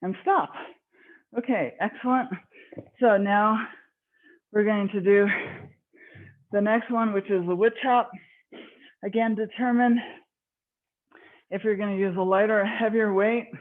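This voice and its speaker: A woman's voice: mid-range voice, fairly even intonation, measured pace, pauses often. A woman fitness instructor leading a live online workout class, slightly out of breath, encouraging and counting reps. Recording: tinny phone-like online call audio.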